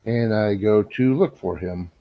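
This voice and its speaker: A man playing a tabletop game, speaking slowly and hesitantly with many fillers. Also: fairly low pitch, no room sound. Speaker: player. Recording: dull, dry sound.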